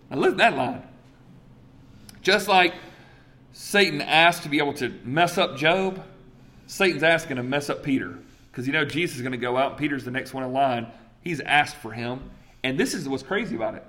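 Animated preacher, a man. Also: moderate pace, long pauses. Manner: animated, acts out scripture dialogues with big swings in pitch and volume. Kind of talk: sermon.

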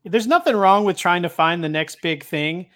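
A man's voice: high voice, expressive, normal speed, a bit bright. Rambling man in fantasy baseball chat. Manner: rambling, self-correcting, hedging. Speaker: fantasy baseball podcast panelist. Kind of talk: casual chat.

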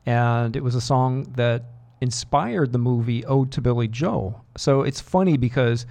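A man's voice: medium pitch, a little slow, creaky, a little mellow. Chatty rock radio DJ man. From Boston area. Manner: rambling, self-deprecating, chatty asides. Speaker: radio DJ host. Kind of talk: casual on-air chat. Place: radio studio.

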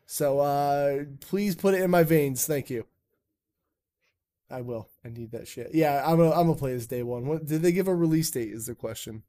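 A man with a slightly high voice hosts a loose podcast chat. He rambles, jokes and swears freely as he talks. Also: normal speed, mellow. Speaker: podcast host. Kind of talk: casual chat.

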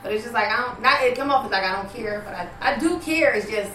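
A woman's voice: on the high side, lively intonation, fast, sharp tone. A woman chatting casually, telling blunt stories in a nonchalant way. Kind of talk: casual chat. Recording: roomy, distant mic, faint background noise.

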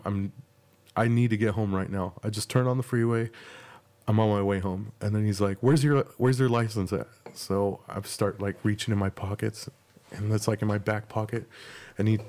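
A man's voice: on the low side, darkish tone. A young man hosting a podcast, telling a rambling, profane story about himself in a casual, self-mocking way. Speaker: podcast host.

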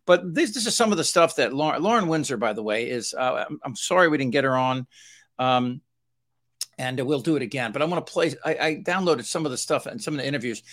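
A male talk show host with a middle-pitched, everyday voice. He chats loosely, laughs easily and stumbles through restarts as he sets up clips for his guests. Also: lively intonation, fast talker, fairly bright tone. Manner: chatty, laughing, many restarts. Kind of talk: casual political talk.

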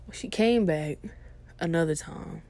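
A young woman podcast host telling a funny story in casual, slangy, profane chat, animated and laughing as she goes. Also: fairly low pitch, unhurried.

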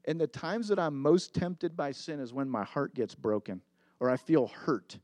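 A middle-aged pastor preaches in an animated, somewhat high voice with a darkish tone at normal speed, recorded with no room sound. Earnest and confessional, he tells a story, repeating himself for emphasis.

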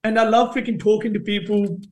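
A man in his thirties from India, a podcast guest telling a lively, sweary story about his trainer course. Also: sits high, fairly quick. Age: 30s. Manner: animated, swears freely, acts out both sides of quoted arguments. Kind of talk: casual interview storytelling.

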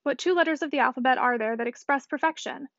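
A hearty, jovial older gentleman, voiced by a woman reading aloud. The voice is pitched high. The recording is dull and dry. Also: quick pace, no echo.

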